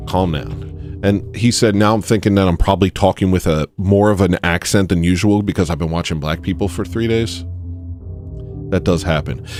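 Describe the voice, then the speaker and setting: Speaking in a low-pitched, darkish tone, a man hosting a podcast wanders through a casual, rambling story. He keeps digressing, laughs along the way, and frequently asks "you know what I mean."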